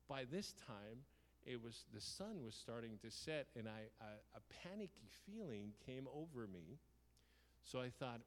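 A man preaching, telling a story from his own life in a lively way, acting out his shouts and the lines of dialogue. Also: mid-range voice, moderate pace. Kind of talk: storytelling sermon. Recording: long hall reverb.

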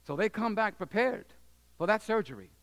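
A man with a notably high voice preaches in a church, telling his story with drama. He swings between hushed, low passages and loud, raised ones, and he acts out the people in it. He breaks off now and then to ask the congregation whether they are listening. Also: very animated, normal speed. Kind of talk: sermon storytelling. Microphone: handheld or stand microphone.

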